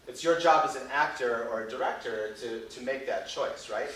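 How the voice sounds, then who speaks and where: A man's voice: mid-range voice, moderate pace, a bit bright, slight background noise. A man teaching a Shakespeare workshop in a playful way, often checking in with 'right?'. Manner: playful, ends phrases with 'right?'. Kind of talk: classroom teaching. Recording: echoey room, voice from far off.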